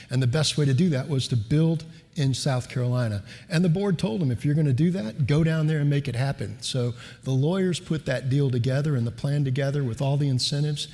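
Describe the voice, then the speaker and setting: In a reverberant lecture hall, a middle-aged lawyer delivers a keynote speech, telling a personal story in a relaxed, conversational style full of fillers. His voice sits in the mid range.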